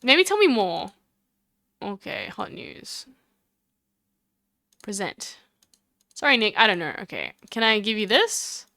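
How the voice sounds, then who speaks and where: A young woman streaming a game live, chatting excitedly with her viewers and reading the characters' lines aloud. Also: mid-range voice, moderate pace, no echo, clean studio sound.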